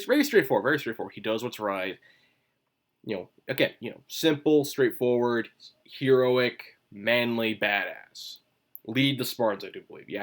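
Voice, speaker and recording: A man talks through a casual solo commentary video while chewing gum. He rambles from point to point and now and then jumps into an emphatic burst. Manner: emphatic bursts with sudden rises in pitch. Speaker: manga commentary video host.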